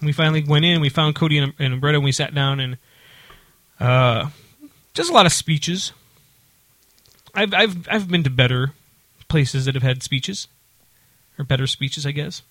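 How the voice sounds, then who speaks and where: Bright-voiced man telling a rambling story. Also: fairly high pitch, moderate pace, long pauses, dry recording. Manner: rambling, many fillers and restarts. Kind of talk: casual storytelling chat.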